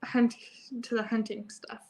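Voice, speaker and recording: A woman's voice: on the high side, level tone, a little slow, a little mellow. A woman, a mother and family vlogger, chatting casually with viewers and telling stories with frequent laughs. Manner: chatty storyteller, laughs often. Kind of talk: casual live chat with viewers.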